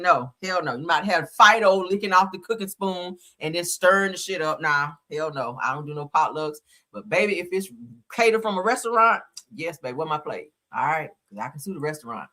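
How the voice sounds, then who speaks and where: Casting: woman host, bright low-ish voice, blunt and slangy, very expressive. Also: a little fast. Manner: animated, blunt, slangy chat with profanity. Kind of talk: casual reaction commentary.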